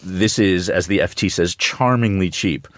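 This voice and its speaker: A man speaking as a news commentator in a radio studio discussion, measured with a dry wit and frequent ums. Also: low voice, no echo. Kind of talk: radio current-affairs discussion.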